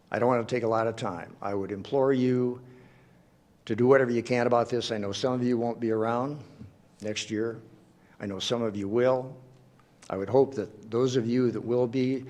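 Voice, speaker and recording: A man speaking during public comment at a city council meeting, earnest and pleading, in short halting phrases at a podium microphone. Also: mid-range voice, darkish tone.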